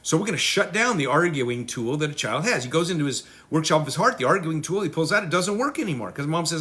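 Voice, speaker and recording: A middle-aged man giving a parenting lesson, acting out children and parents in quick voices. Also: a little high, expressive, bright, forceful tone. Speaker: parenting teacher. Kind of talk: teaching talk.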